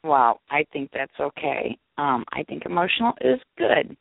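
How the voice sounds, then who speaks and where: Woman co-host, gravelly voice with a lively up-and-down tone, heard over a tinny line. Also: sits low, moderate pace, no echo. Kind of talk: casual live call-in show chat. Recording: tinny phone-line sound.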